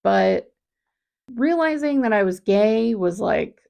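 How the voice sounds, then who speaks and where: Brief: woman, 30s, vlogger with a heavy vocal fry, candid and halting, unhurried delivery. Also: mid-range voice, animated, warm tone. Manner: halting, reflective, with frequent restarts. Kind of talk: candid personal vlog.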